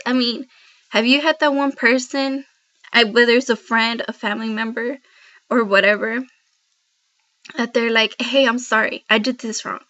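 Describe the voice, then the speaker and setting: Woman, devotional vlog, earnest, rambling, talks to viewers, clear bright voice, dull lo-fi laptop audio. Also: fairly high pitch. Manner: heartfelt, rambling, addresses viewers directly. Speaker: Christian vlogger. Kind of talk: earnest devotional talk to camera. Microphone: laptop built-in mic.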